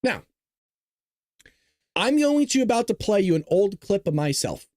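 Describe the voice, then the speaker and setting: Casual male commentary host, animated and chatty, dry close sound, swings his pitch a lot. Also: a little slow, no echo. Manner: animated, laughs often, repeats himself. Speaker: show host. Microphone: webcam.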